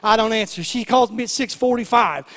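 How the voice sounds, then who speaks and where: A man, a pastor telling a story in a sermon and building to loud, fervent preaching. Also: high voice, a little fast, long reverb tail. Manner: storytelling, then shouting, rising preaching.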